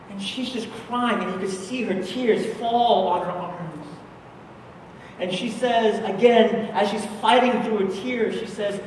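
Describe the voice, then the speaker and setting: A male pastor preaching a sermon at a conference, telling a story slowly and with passion, swinging between loud and hushed. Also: extremely high pitch, slight background noise. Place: large conference hall. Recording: echoey hall from far off.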